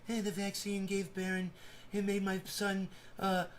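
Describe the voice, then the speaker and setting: A man putting on an impression of a blustering older male politician, halting and offhand. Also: high voice, monotone, a little hiss or hum. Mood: mocking.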